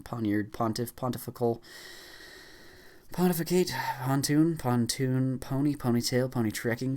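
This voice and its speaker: A man reading a long list of words aloud as fast as he can, stumbling now and then with fillers and restarts. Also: medium pitch, darkish tone. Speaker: YouTuber. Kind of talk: rapid word-list reading.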